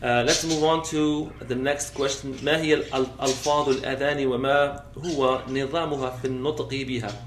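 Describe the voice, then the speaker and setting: This is a classroom lecture on Islamic law, given by a man whose mid-range voice races along with few pauses and fairly even intonation. He explains each step, often asks "okay?", and alternates English with recited Arabic. The room sounds spacious, with faint noise in the background.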